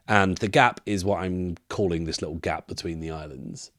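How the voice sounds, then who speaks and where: A man narrates his solo tabletop role-playing game, thinking aloud with fillers and restarts. His voice is very deep. The recording is dry and close, with no room sound. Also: normal speed, hardly any pauses, fairly bright tone, no room sound.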